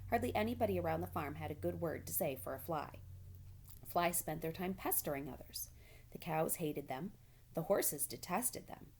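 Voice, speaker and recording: A woman reading a children's novel aloud in a gentle, even storytelling manner. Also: lowish voice, creaky, slightly rough. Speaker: storybook reader.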